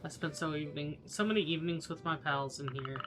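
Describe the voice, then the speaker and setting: A man's voice: a little high, fairly quick, music in the background. A man streaming a video game live, reading its dialogue and making chatty, joking asides. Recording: noisy stream mic with clicks.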